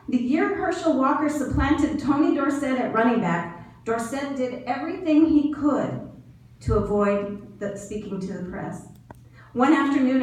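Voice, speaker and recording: A middle-aged woman giving a commencement speech at a podium in a large hall, telling stories and acting out the lines of the people in them. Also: fairly high pitch. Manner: storytelling with quoted dialogue. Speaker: graduation speaker. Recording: echoey hall from far off, faint noise.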